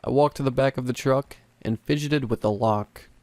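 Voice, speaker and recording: A man narrating a first-person horror story in a measured, dramatic way. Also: mid-range voice, darkish tone, dry recording.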